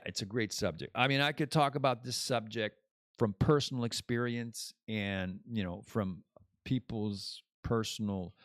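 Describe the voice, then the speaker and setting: A man's voice: medium pitch, dry recording, studio quality. A man hosting a podcast as a casual live stream, rambling and joking as he chats. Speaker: podcast host.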